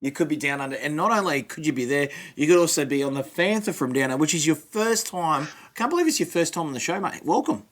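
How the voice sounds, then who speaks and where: A man's voice: fairly high pitch, animated, fast talker, hardly any pauses. A man hosting a fan podcast, chatting casually and joking in an upbeat way. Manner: jokey and upbeat. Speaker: podcast host.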